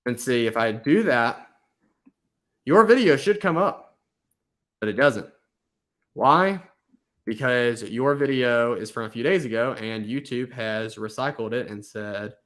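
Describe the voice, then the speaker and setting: A man talking through tips in a loose, rambling way, with lots of "like" and restarts. His voice sits at an ordinary middle pitch. It sounds like an unscripted chat between friends. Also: measured pace, long pauses. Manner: rambling, filler-heavy, animated. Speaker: YouTube host giving channel advice. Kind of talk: casual chat.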